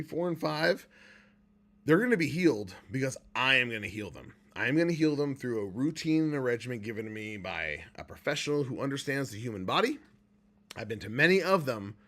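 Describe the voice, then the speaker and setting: A man speaking live and from the heart, candid and earnest. He is emotional and close to tears, sighing and pausing as he goes. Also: medium pitch, fairly bright tone. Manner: heartfelt and candid, at times choked up with pauses and sighs. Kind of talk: emotional personal livestream talk.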